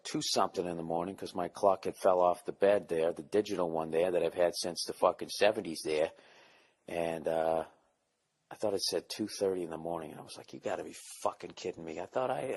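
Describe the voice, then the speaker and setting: A low-voiced man hosting a solo podcast from home. He rambles in a loose, profane, self-mocking way and keeps his voice down. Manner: keeping voice down. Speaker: podcast host and comedian. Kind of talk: casual solo podcast monologue. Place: home, at night or early morning.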